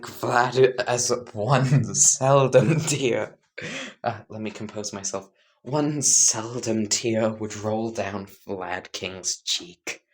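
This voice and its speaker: A woman casually narrating a made-up fan story, rambling, correcting herself and laughing at her own jokes. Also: extremely low pitch.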